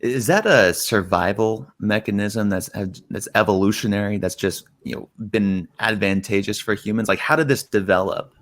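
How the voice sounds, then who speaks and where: A man hosting an interview, chatty and animated, with lots of casual fillers. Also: on the low side, moderate pace, few pauses. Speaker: interview host. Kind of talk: conversational interview, storytelling.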